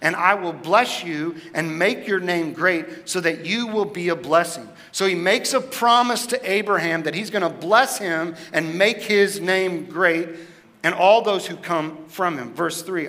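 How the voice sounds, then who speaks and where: A man's voice: high-pitched, measured pace, pushed and bright. A man preaching a sermon as pastor, in a conversational way that keeps asking the congregation questions. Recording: long hall reverb.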